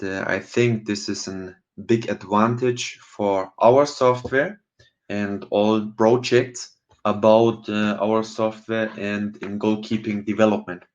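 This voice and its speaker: Young guy walking through software, talks slow with lots of uhs, kinda muffled audio. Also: medium pitch. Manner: hesitant, many ums and uhs, non-native phrasing. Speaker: goalkeeping coach presenting software. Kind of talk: webinar screen-share walkthrough.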